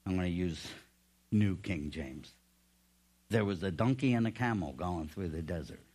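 A male pastor preaching a sermon, telling stories with folksy humor in an animated way. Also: low voice, moderate pace, slightly rough.

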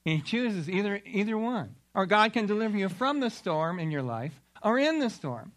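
A man preaching a sermon, retelling Bible stories in an animated way. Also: high-pitched, normal speed. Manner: animated storytelling with acted-out quotes.

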